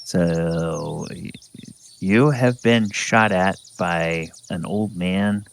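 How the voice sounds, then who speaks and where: A man narrating a tabletop game as dungeon master, in a slow, hesitant way with many fillers. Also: low voice, gravelly, slight background noise.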